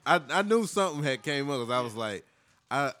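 A man's voice: mid-range voice, expressive, fairly quick, bright, forceful tone. A man joking with friends in a casual podcast chat.

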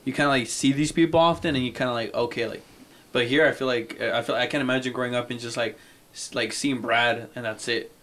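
A man hosts a casual podcast chat and speaks quickly. He trails off often and stumbles through filler words as he gathers his thoughts. His pitch sits mid-range. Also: steady tone, a bit bright. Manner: quick, halting, full of fillers.

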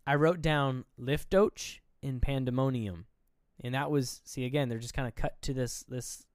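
An animated young man retelling a film. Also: mid-range voice, moderate pace, no echo, studio quality. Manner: animated retelling, acting out characters' lines. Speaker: podcast co-host. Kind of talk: casual movie recap chat.

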